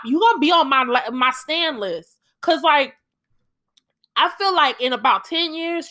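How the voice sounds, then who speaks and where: A woman's voice: fairly high pitch, pushed and bright. A young woman hosting a solo podcast, ranting emphatically with lots of swearing and heated outbursts. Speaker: podcast host.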